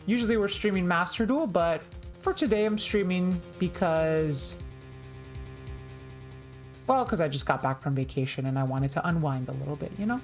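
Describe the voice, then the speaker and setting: Chatty low-voiced woman streamer. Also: lively intonation, moderate pace, faint music behind. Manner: chatty, self-deprecating. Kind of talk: casual chat while playing.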